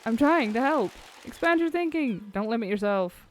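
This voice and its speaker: A woman voicing a cheeky high-pitched demon dog man. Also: animated, normal speed, a little hiss or hum, natural voice. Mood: teasing. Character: cheeky male dog demon, sarcastic trickster.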